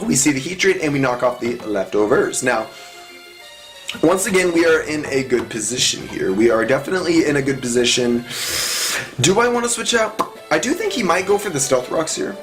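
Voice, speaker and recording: A young man giving chatty, excitable live commentary on his own gameplay, talking through each move. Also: fairly high pitch, normal speed, faint music behind. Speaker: gaming commentator.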